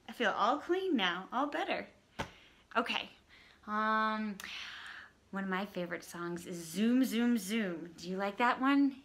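A woman's voice: mid-range voice, a little hiss or hum. A woman leading a toddler story time, reading an interactive book aloud and singing simple songs while coaxing the children to join in. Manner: bright, slow and animated, singing and coaxing small children. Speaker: children's librarian.

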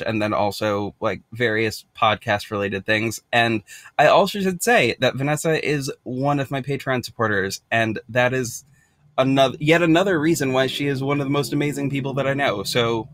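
An American podcast host chatting casually while unboxing, bubbly, rambling and quick to giggle. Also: male voice, mid-range voice, a bit bright, no room sound.

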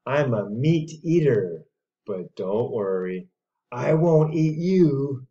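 A man's voice: mid-range voice, big pitch swings, slow pace, dark tone, highs cut off. A man doing a friendly talking dinosaur. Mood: cheerful. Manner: cheerful, childlike storybook reading.

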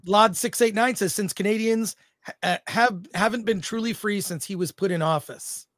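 A man's voice: high voice, moderate pace, fairly bright tone, dry recording, studio quality. A man co-hosting a film talk livestream, joking and reading viewer comments aloud. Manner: talkative, jokey, reads chat aloud. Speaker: co-host of a film talk show. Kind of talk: casual livestream chat.

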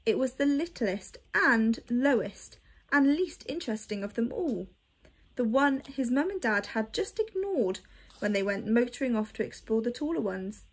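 A woman reading a children's story aloud in a measured, expressive way. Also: on the high side, slightly rough.

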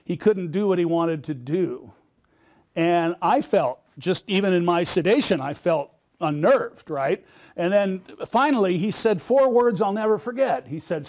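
A man's voice: sits high, animated, normal speed, darkish tone. A middle-aged man giving a conference keynote, telling a personal story and quizzing the audience with questions. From United States. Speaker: keynote speaker.

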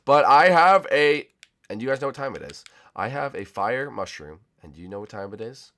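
A man's voice: mid-range voice, moderate pace. A young man with a sore throat giving playful, jokey commentary on a hide-and-seek game with friends. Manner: excitable, jokey, shouts and laughs. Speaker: gaming YouTuber.

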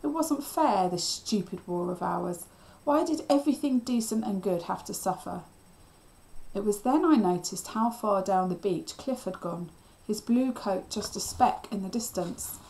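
A woman teacher reading a children's novel aloud. Her storytelling is steady and expressive, and her voice sits in a middle pitch. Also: unhurried, creaky, low-quality recording.

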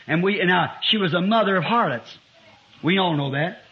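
A man in his fifties preaching a sermon to a congregation, climbing to loud emphatic lines and dropping to quiet asides. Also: high-pitched, animated, moderate pace. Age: 50s. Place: church before a congregation. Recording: muffled lo-fi 1960s sermon tape.

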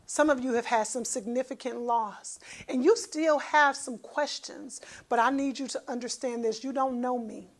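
Fervent high-voiced woman preacher. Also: steady tone, normal speed, hardly any pauses. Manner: fervent, repetitive call-and-response preaching. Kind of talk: sermon.

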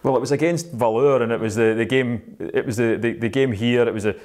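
A Scottish man interviewing a former player, asking leading questions and teasing him gently. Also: mid-range voice, fairly quick. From Scotland.

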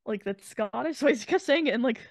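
A woman player chatting casually at a game table, telling a quick story in a rushed, chatty way. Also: fairly high pitch, animated, dry recording, clean studio sound.

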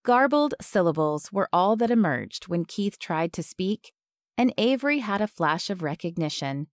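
Woman reading an audiobook, even and measured, lower voice, dry sound. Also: dry recording. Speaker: audiobook narrator. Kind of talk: scripted narration.

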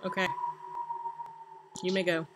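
A woman's voice: lowish voice, little pitch movement, unhurried, very noisy. A mother playing a game with her child, teasing and laughing, mock-exasperated. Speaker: gamer, mother. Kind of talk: casual gameplay chat.

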